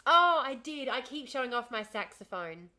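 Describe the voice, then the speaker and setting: An Australian woman in her thirties chats casually with viewers on her livestream, wandering between topics and laughing often. Her voice is bright and slightly high. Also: very animated, normal speed. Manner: chatty and rambling, laughs often, answers chat. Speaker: livestream host.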